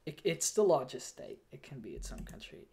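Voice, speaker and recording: A man's voice: medium pitch, wildly swooping pitch, a little fast, warm tone. A man on a casual livestream, overheated in a fursuit and a bit foggy, who rambles, stammers and restarts his sentences while reading donations.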